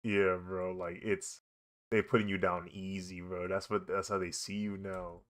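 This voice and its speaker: A man's voice: deep voice, flat delivery, a little slow, a bit bright. A young man, chatting casually and rambling while he draws, laughing often and saying "bro" a lot. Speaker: artist streaming a drawing session. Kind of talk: casual chat while drawing.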